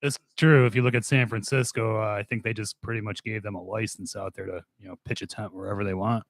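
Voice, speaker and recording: A man from the Detroit area co-hosts casually and drops in short, dry comments. His voice sits fairly low and sounds close and dry. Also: fairly even intonation, fast, no echo. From Detroit area, USA. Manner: short dry agreeing interjections. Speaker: co-host. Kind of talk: casual chat.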